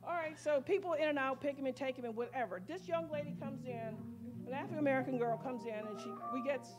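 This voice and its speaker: A woman giving a spoken testimony at a church worship service, telling her story in a rambling, excited way full of quoted dialogue. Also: high voice, fast. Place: church sanctuary.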